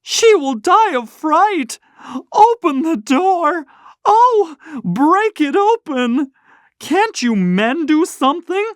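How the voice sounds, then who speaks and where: A woman's voice: very high voice, very animated, takes it slowly, no room sound, studio quality, voice pushed up, exaggerated voice. A narrator voicing a frantic mother who cries and shrieks pleas in an audiobook story. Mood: hysterical. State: crying. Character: frantic mother of a trapped little girl. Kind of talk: audiobook character voice.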